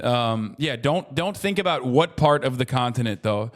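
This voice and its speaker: A man streaming casual commentary, talking in an animated, profane way that keeps breaking into loud mocking rants. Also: medium pitch, moderate pace, hardly any pauses. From United States. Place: traveling in Japan.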